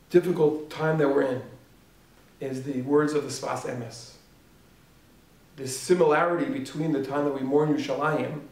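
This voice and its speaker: A man, a yeshiva rabbi giving a sermon, animated and full of rhetorical questions, swinging from loud to hushed. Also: on the high side. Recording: echoey room, speaker far from mic.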